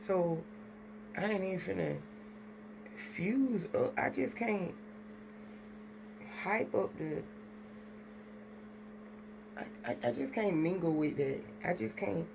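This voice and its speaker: A woman's voice: fairly low pitch, vocal fry, background noise. A woman, talking casually and rambling straight to her viewers at home. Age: adult with children. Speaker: vlogger. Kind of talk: casual chat to camera.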